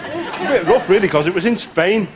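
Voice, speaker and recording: An actor playing a self-pitying middle-aged warm-up comedian, rambling through his patter in a TV sketch comedy. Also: high-pitched, sing-song, moderate pace, a crowd in the background, noisy background.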